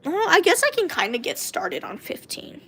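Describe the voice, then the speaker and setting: A woman's voice: extremely high pitch, wildly swooping pitch, normal speed, pushed and bright, a little hiss or hum. A woman streamer reading her own first-person story aloud, talking casually and breaking off for asides to her viewers. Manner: casual, with self-corrections and asides to chat.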